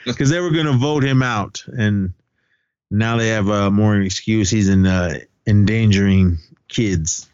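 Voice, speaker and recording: A man's voice: fairly low pitch, measured pace, a little mellow, smooth, no room sound, highs cut off. A man co-hosting a podcast, recapping a film in casual chat, acting out lines loosely and laughing often. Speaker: podcast co-host.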